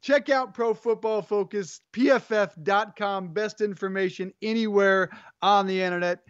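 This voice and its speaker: A man hosting a sports podcast, with brisk, jokey host patter. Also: sits high, fairly even intonation, clear, resonant tone, no echo, muffled recording. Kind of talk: sports radio talk.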